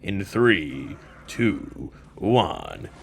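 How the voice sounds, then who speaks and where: A young man talks loosely over his own gameplay, drifting from joke to joke. His voice sits on the low side yet swings widely in pitch, and he breaks into sudden loud yells. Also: huge pitch swings, very slow, creaky, husky. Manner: rambling, joking, bursts into loud yells. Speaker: gaming channel host. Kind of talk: casual gameplay commentary.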